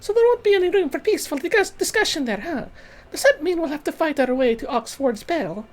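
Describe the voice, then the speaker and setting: A man voicing an earnest, curious young woman companion, reading game story lines in a lilting falsetto. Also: expressive, fairly quick. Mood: questioning. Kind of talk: fan voicing of a game's story text.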